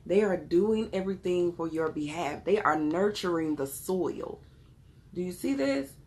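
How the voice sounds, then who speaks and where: Gravelly Southern woman reading tarot live. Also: fairly low pitch, animated, measured pace, darkish tone, slight background noise. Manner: chatty, calls viewers y'all and beloved. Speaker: tarot card reader. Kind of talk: casual live-stream chat with viewers.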